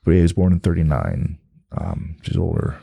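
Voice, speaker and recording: A man's voice: deep voice, sing-song, brisk, creaky, warm tone, breathy edge, no room sound. A man from New Jersey telling a rambling story as a guest in casual chat, swearing freely. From New Jersey, USA.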